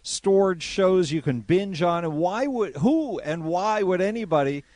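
A man co-hosting a talk radio show, his fairly high voice sounding dry and close. He keeps chiming in with wry quips and short asides. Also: expressive, measured pace, darkish tone, dry recording. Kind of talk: casual chat.

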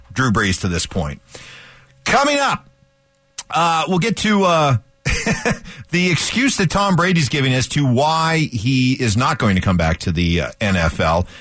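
A man's voice: mid-range voice, fairly bright tone, dry recording. A man co-hosting a sports talk radio show, bantering casually, asking rhetorical questions, and laughing easily. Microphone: studio microphone.

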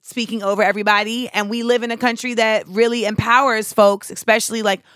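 A woman's voice: fairly high pitch, fast talker, dry recording, studio quality. A young adult woman hosting a casual chat, talking bluntly and animatedly with lots of "like.". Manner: blunt, animated, says "like" a lot. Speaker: podcast host.

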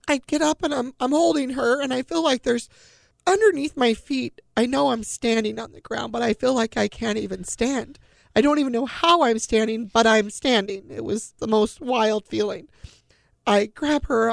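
A middle-aged woman earnestly telling her family's story, pausing and restarting as she relives each scene in quoted dialogue. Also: on the high side, vocal fry, dry recording, studio quality. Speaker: guest sharing a family story. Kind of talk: emotional personal storytelling.

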